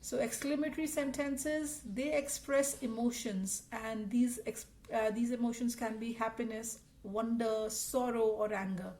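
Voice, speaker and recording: A woman's voice: a little high, steady tone, measured pace, few pauses, darkish tone. A woman teaching a recorded grammar lesson, explaining patiently and reading out example sentences.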